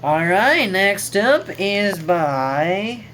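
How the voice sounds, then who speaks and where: A woman's voice: medium pitch, big pitch swings, very slow, a bit bright, a little hiss or hum, low-quality recording. A woman casually reading out and joking about lines from a class quote journal, chatty, rambling and swearing now and then. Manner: chatty, jokey, swears casually, trails off mid-sentence.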